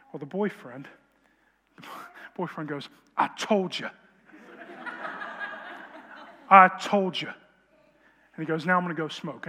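Guy preaching a story, kinda high voice, big echoey hall. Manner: animated storyteller, drops to quiet intensity. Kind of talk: sermon testimony storytelling. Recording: long hall reverb.

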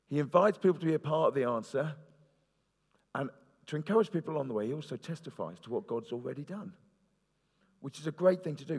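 A middle-aged male pastor preaching a sermon, telling stories in an animated way. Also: medium pitch. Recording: preacher in a reverberant hall.

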